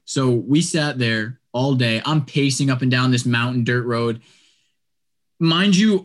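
A young man casually telling a long story on a podcast, chatty and animated, peppering his talk with "like" and "dude". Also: medium pitch.

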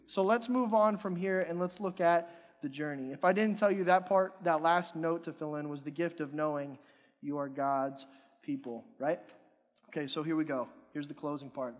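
A man from Pennsylvania preaching a sermon, animated and quizzing the congregation, swinging from soft to loud. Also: fairly high pitch, normal speed. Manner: animated, rising and falling in loudness, asks the congregation questions. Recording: long hall reverb.

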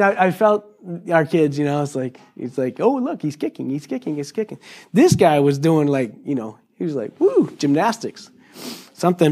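A middle-aged man preaching a sermon to a congregation, animated and joking, acting out quotes in high voices. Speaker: pastor.

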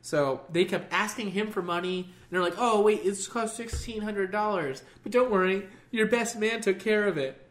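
A man's voice: sits high, moderate pace, few pauses. A young man casually telling a long story, swearing and laughing a lot. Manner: profane, laughs often, animated.

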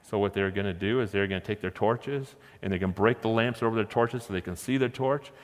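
A man preaching a sermon, retelling a story in a lively, conversational way with chuckling asides. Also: fairly low pitch, brisk. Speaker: pastor. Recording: echoey hall.

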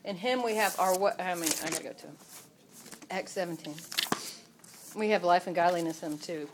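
A woman leading an informal Bible study, emotional, moving between soft asides and loud exclamations. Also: on the low side, a little fast, reverberant, background noise.

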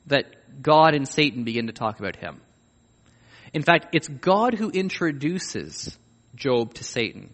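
A man preaching a sermon with emphasis, rising to loud pleading questions and dropping to low, quiet endings. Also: big pitch swings, unhurried. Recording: long reverb of a large hall.

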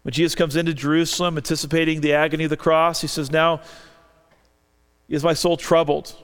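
Earnest preacher in a reverberant hall. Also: male voice, fairly high pitch, level tone, a little fast, a bit bright, smooth. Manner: earnest, reads scripture aloud, rises for quoted lines. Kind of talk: sermon. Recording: long reverb of a large hall.

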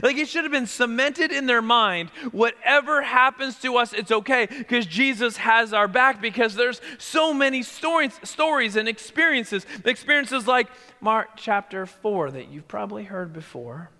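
A man preaching a sermon as pastor, talking conversationally and sinking to a hushed near-whisper for emphasis. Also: very high voice, moderate pace, hardly any pauses, long reverb tail.

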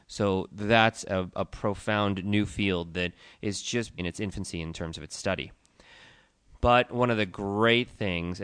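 A man with a low, smooth, resonant voice co-hosts a relaxed tea podcast. He explains and lists facts in a steady, informative way. The sound is dry and close. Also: dry recording. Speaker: podcast co-host, tea shop owner. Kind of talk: casual informational chat.

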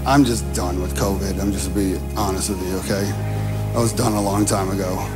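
A man preaching a sermon as pastor, telling stories and acting out dialogue, moving from hushed moments to rising intensity. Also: sits low, fairly quick. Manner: animated storytelling, acting out dialogue. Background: music.

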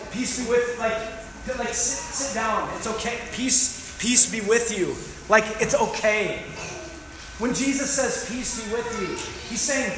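Animated joking pastor in an echoey hall. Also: male voice, sits high, a little hiss or hum. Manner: animated, joking, acts out scenes. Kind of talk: sermon. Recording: echoey hall with faint room ambience.

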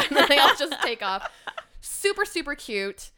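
Bright, smooth-voiced young woman recapping. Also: medium pitch, expressive. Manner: emotional, quick retelling with many fillers. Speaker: podcast co-host. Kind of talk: casual recap chat.

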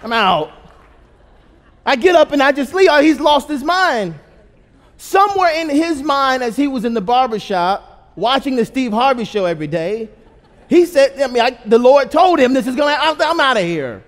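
A man's voice: very high-pitched, lively intonation, normal speed. A man in his thirties, a pastor telling a humorous story in a sermon and asking the audience questions. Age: 30s. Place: church auditorium. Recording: long hall reverb.

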